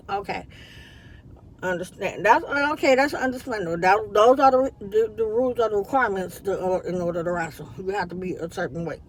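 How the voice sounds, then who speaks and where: A woman talks straight into her phone from a parked car. She tells the story in a loose, chatty way and acts out the lines of the people in it. Her voice sits at a middle pitch, with a faint hum of background noise. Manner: chatty, animated retelling with quoted dialogue. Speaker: vlogger. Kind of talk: casual storytelling vlog.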